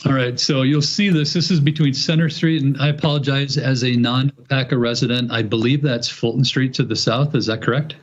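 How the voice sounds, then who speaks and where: A man presenting to a city plan commission, explaining things in a measured, methodical way with occasional restarts. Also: medium pitch, steady tone. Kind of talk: explanatory presentation at a public meeting. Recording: muffled, lo-fi meeting recording.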